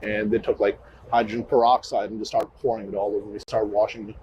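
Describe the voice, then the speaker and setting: A man, a police officer, giving a halting recorded account full of restarts. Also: on the low side, level tone, highs cut off, slight background noise. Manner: halting, with frequent restarts and fillers.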